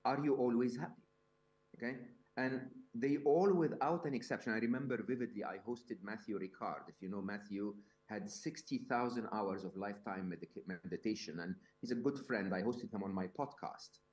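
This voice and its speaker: A man's voice: fairly low pitch, normal speed, few pauses, darkish tone. A man speaking to a live audience at a summit, conversational, with lots of fillers, restarts and rhetorical questions. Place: event hall.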